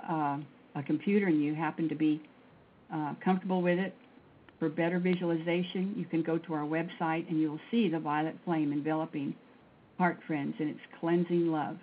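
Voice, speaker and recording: A woman leading a guided breathing and mantra prayer session in a slow, measured way, counting aloud. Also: low-pitched. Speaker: prayer and meditation leader. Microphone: phone line. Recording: tinny phone line with faint noise.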